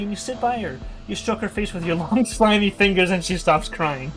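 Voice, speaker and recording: Man, streamer, slightly high voice, reads game text aloud, laughs and curses a lot. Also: animated, normal speed, hardly any pauses, fairly bright tone, faint music behind. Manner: laughs often and swears in surprise. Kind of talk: reading a text adventure aloud with live reactions.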